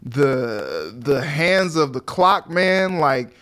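A man co-hosting a sports talk show, chatting casually and jumping into little acted-out quotes. His voice sits a bit higher than most men's. The talk is animated and quick to react. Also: clear, resonant tone. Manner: animated, acts out quotes of players and fans. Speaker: co-host.

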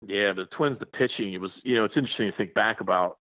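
A fortyish male journalist, appearing as a guest, rambles through a casual interview full of fillers and restarts. His voice sits on the low side and he speaks quickly, heard over a dry, tinny phone connection.

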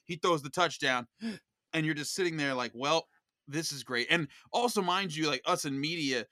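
Young male sports podcaster; animated storyteller, bright, dry close-mic sound. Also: on the high side, normal speed, dry recording. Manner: animated storyteller with many restarts. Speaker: podcast host of a football show, guest. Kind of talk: excited podcast chat.

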